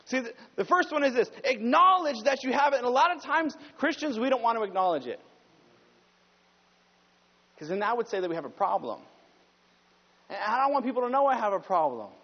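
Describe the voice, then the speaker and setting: A man preaching a conversational sermon as pastor, climbing higher and louder when he presses a point. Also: very animated, brisk, long pauses. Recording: dull sound with long hall reverb.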